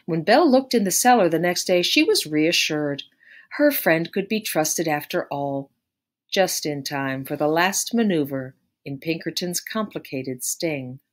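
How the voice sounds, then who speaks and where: A woman narrating a story aloud in a measured, expressive way. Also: low-pitched. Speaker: audiobook narrator.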